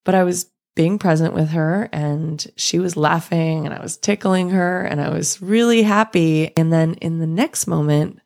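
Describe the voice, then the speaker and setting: A woman in her thirties hosting a reflective solo podcast, speaking gently and thoughtfully with soft laughs. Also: low-pitched, moderate pace, creaky, few pauses. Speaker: podcast host.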